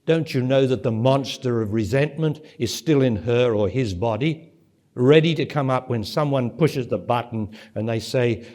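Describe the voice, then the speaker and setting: A man delivers a spiritual talk to a live audience in a conference centre. His voice sits at an ordinary middle pitch. He presses his points with rhetorical questions and climbs to forceful, emphatic peaks. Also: moderate pace. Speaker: spiritual teacher.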